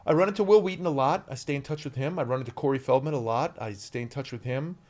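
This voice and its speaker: Energetic male actor telling stories. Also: medium pitch, quick pace. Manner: energetic, animated, shouts out quoted lines. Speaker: actor guest. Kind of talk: candid interview storytelling.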